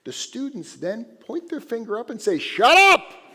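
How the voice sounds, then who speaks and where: A man giving a sermon as a rabbi, an animated, conversational storyteller speaking in a synagogue sanctuary. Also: very high-pitched, normal speed, slightly rough. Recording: echoey sanctuary.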